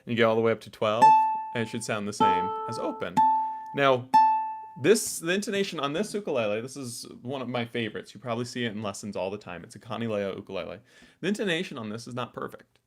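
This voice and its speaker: A man's voice: medium pitch, very animated, quick pace, soft background music. A man teaching a live online ukulele lesson, explaining in a casual, chatty way full of asides while demonstrating on his instrument.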